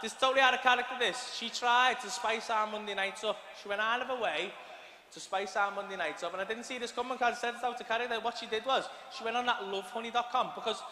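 A man's voice: very high-pitched, steady tone, fast talker, bright, forceful tone. A man with a Liverpool accent performing crude, rowdy live stand-up comedy in a large arena. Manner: crude, rowdy, swearing storyteller. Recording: echoey arena with audience noise.

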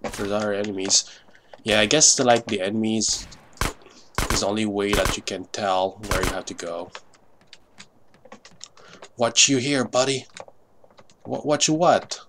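Slow-talking man cursing through gameplay. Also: fairly low pitch, a bit bright, slight background noise. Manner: swears often, frustrated outbursts. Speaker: gamer. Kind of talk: live gameplay commentary.

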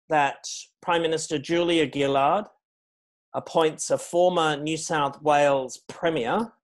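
A middle-aged man giving a public lecture as guest speaker, measured and anecdotal, stressing key words. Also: a little high. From Australia. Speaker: guest speaker on foreign policy.

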